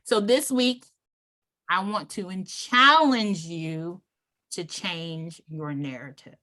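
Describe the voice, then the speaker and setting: A woman giving a motivational club speech, emphatic and deliberate, pausing between numbered points. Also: fairly low pitch, pushed and bright. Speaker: club speaker.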